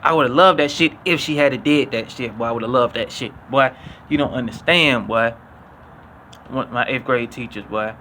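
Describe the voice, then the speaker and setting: A young man telling stories casually to his viewers, profane and animated, acting out what people said. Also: normal speed, a little hiss or hum. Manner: animated, acts out quotes with higher voice; profane, repetitive slang. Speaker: vlogger. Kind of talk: casual storytelling.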